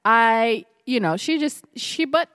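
A woman's voice: on the high side, animated, slow pace, a bit bright, clear, resonant tone, dry recording, studio quality. Woman doing a rambling old hippie mom. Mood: disapproving. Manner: rambling, disapproving, meandering. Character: rambling older white hippie mother.

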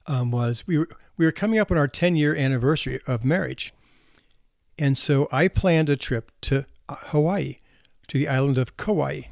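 A man's voice: a little high, a little mellow, no room sound, studio quality. A man in his sixties, a physician, telling anecdotes about marriage and parenting in a casual way, chuckling now and then. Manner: anecdotal, with laughter and restarts. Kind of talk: casual storytelling talk.

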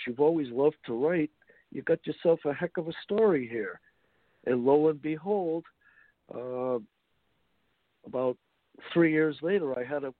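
A man with a gravelly edge is being interviewed about his book. He talks haltingly and often restarts his sentences, and the sound comes through a thin, phone-like line. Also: medium pitch, dry recording. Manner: halting, many fillers and restarts. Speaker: author guest. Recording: tinny phone-like line, dry.

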